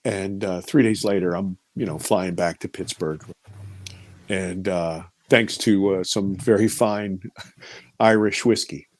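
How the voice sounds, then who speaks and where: A middle-aged man, a film producer, telling a personal story in an interview, animated and emotional, swinging between loud and hushed. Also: low voice, slow, dry recording.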